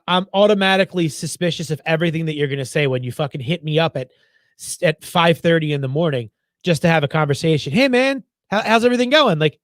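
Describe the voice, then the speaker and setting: A man's voice: on the high side, no echo, clean studio sound. A man co-hosting a casual comedy podcast, telling sarcastic stories, swearing freely and acting out the people he quotes. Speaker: podcast co-host.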